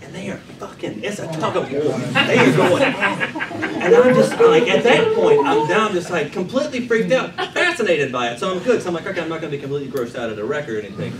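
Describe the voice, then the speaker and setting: Man, guest storyteller at a live improv show, high, lively delivery, swears a lot; echoey stage, mic at a distance, loud audience laughter behind. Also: quick pace, crowd noise. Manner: animated, swears freely. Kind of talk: live comedic true-story monologue.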